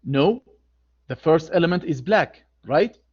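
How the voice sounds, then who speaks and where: Slow, repetitive male grammar teacher. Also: fairly high pitch, expressive, darkish tone, slightly rough, lo-fi sound. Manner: slow, deliberate, repeats key phrases. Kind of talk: online grammar lecture.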